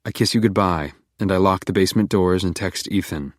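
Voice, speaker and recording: A man narrating a first-person psychological thriller audiobook in a calm, controlled, menacing manner. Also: sits low, a little fast, no echo, clean studio sound.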